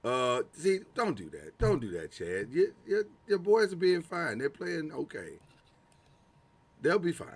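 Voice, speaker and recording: A man co-hosting a sports podcast in casual, animated chat, often repeating words and laughing. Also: fairly high pitch, a little slow, breathy edge. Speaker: podcast co-host.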